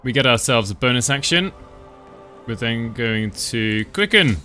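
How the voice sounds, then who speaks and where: A man giving relaxed, chatty commentary over his own gameplay, thinking aloud as he plays. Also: mid-range voice, a little slow, soft background music. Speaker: gaming channel host.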